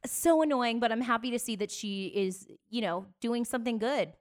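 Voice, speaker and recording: A woman's voice: on the high side, moderate pace. Chatty gossiping woman podcaster. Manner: chatty, gossipy storytelling with bursts of laughter. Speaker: podcast co-host. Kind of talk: casual chat.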